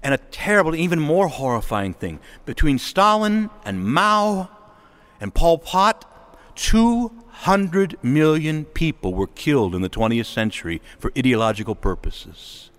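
A man's voice: on the high side, big pitch swings, measured pace, a bit bright. A middle-aged man preaching a sermon, impassioned and rising to emphatic exhortation.

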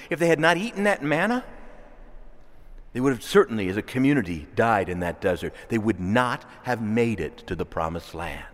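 An animated man delivers a sermon with wide, swooping pitch and a somewhat high voice. He stresses key words urgently. A long reverb trails each line, as in a large church. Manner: animated, emphatic preaching with wide pitch swings. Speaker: preacher.

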